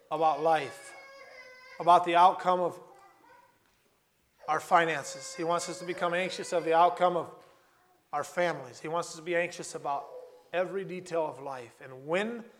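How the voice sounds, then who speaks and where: A man preaching a sermon, earnest and repetitive, slowing down and repeating key phrases for emphasis. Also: fairly high pitch, a bit bright, a little hiss or hum.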